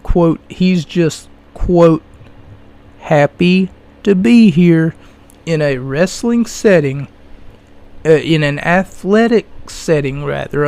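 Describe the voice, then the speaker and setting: A young man hosting his own podcast, ranting slowly with mocking scorn and loud bursts of passion. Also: on the high side, vocal fry. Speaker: podcast host. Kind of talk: solo podcast rant.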